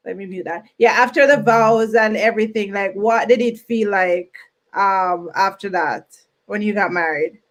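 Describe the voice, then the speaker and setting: A woman's voice: mid-range voice, moderate pace. A woman hosting a group video chat, playful and teasing, laughing often. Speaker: host.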